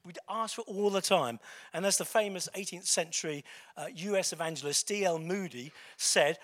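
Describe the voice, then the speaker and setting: A man delivers a sermon in a relaxed, conversational way, often pausing on fillers and correcting himself. His voice sits notably high for a man. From England. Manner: conversational, with fillers and self-corrections, chuckling asides. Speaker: preacher.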